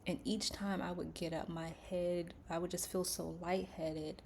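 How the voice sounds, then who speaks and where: A woman speaking calmly and gently to her viewers about faith and coping with pain, with soft breathy asides. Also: on the low side, a little slow, slight background noise. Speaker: faith and wellness vlogger. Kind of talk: calm reflective talk to camera.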